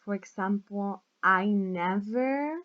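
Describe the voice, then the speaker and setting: Slow, patient woman teacher. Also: medium pitch, lo-fi sound. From Latin America. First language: Spanish. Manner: slow, patient, checks in with "right?" and "okay?". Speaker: English teacher. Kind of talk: recorded online lesson.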